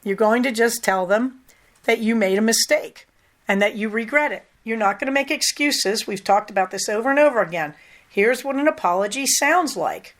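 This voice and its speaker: An older woman talks through her podcast in a frank, conversational way, leaning hard on key words. Her voice sits a little high for a woman. The delivery is casual monologue rather than a script. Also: moderate pace. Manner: candid, conversational, lively emphasis. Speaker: podcast host.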